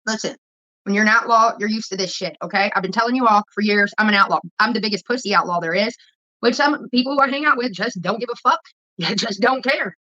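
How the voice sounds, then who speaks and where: A woman's voice: medium pitch, quick pace, bright, forceful tone, dull audio. A woman vlogger telling a rambling, profane story while she cooks. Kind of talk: casual storytelling while cooking.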